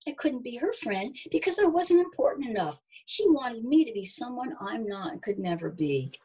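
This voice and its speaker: Lady doing a small boy mouse looking for a friend, earnest, kinda high and breathy. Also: very animated, moderate pace, dark tone. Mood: hurt. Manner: earnest, wondering questions. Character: shy little male brown mouse seeking a friend.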